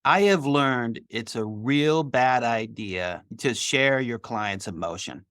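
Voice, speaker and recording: A man's voice: mid-range voice, slow pace, no room sound, clean studio sound. A middle-aged man, a litigation attorney, telling a story from his work in an interview and acting out the dialogue. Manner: animated, acts out quoted dialogue.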